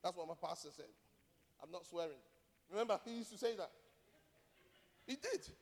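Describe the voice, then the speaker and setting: Repeating key phrases emphatically, an animated pastor questions his congregation with pointed rhetorical questions at a moderate pace. His high, ringing voice carries through a big, echoing hall during the sermon.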